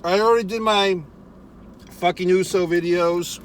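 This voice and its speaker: Man, slightly high voice, profane, rambling, wry asides, casual eating vlog, in a car, faint background hum. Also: steady tone, a little slow. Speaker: vlogger.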